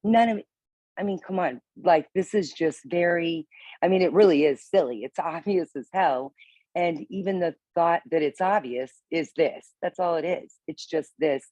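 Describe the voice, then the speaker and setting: A woman sharing casually on a video call, halting and rambling, swearing and laughing as she talks. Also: on the low side, mellow, no echo, rough recording. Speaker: meeting participant.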